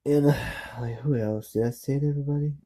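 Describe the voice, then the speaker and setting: A man giving casual, unscripted commentary, halting and apologetic, with many restarts and fillers. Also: mid-range voice, steady tone, dark tone, rough recording. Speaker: political vlogger.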